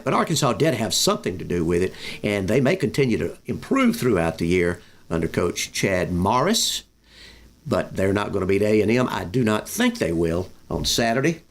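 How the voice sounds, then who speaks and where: A man talks through his football picks in a loose, folksy way. He is dryly sarcastic and often stops to restart a phrase. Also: fairly low pitch. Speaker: sports podcast host. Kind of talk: casual football predictions talk.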